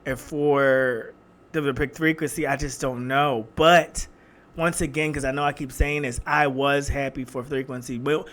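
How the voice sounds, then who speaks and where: A man's voice: mid-range voice, steady tone, moderate pace, fairly bright tone. A man from Philadelphia with a Philly accent, reviewing a TV finale in casual, emphatic chat and talking straight to his viewers. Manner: chatty and emphatic, addressing viewers as y'all. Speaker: reaction vlogger.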